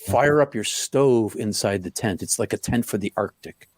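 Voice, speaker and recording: Halting man telling a story, dry sound. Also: fairly low pitch, no room sound. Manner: halting, full of restarts, acts out quoted lines loudly. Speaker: podcast guest. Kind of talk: personal story in an interview.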